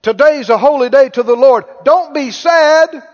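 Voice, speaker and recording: A man's voice: very high-pitched, normal speed. A man preaching a sermon, calling out to the congregation for responses. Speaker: pastor. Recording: muffled church hall recording.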